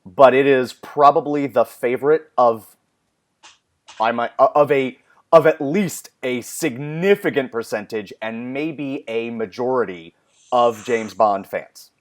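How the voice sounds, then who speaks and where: A man co-hosting a podcast in casual movie chat, measured and agreeable, reading out quiz choices. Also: mid-range voice. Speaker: podcast co-host.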